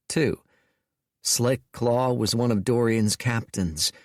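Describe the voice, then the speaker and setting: A man narrating an audiobook in a wry, measured storytelling manner. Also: on the low side, no echo, clean studio sound.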